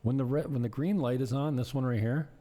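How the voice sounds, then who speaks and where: A man vlogging in a casual, rambling monologue, self-deprecating and drifting off topic, with a husky voice. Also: mid-range voice, brisk, warm tone.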